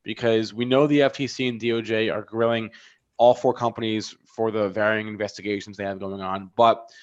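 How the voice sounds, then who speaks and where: A man co-hosting a live trading show, reading earnings numbers with halting, filler-laden delivery. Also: lowish voice, fairly even intonation. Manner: hesitant, many fillers, reads numbers. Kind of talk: live market talk. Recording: dull lo-fi sound.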